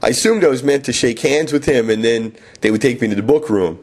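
A man's voice: mid-range voice, brisk, a little mellow. A man reading his own first-person memoir in a wry, sardonic way. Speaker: author and narrator.

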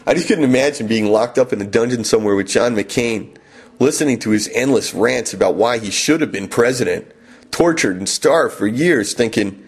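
A man tells a comic first-person story as a podcast host, wry and animated, with sudden jumps up in pitch when he exclaims. His voice sits at a middle pitch for a man. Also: moderate pace, husky.

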